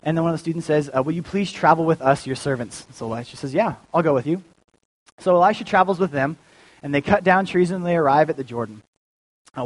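Young guy preaching casually in church, kinda high voice, lots of ums and jokes. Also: low-quality recording. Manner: chatty, joking, many fillers and restarts. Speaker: youth pastor. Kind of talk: casual sermon.

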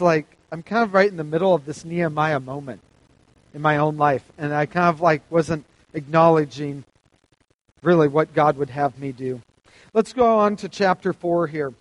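Man, sermon, high-pitched voice, emphatic, dry close sound. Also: no echo, low-quality recording. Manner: lively, emphatic delivery with reading aloud from scripture. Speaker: preacher.

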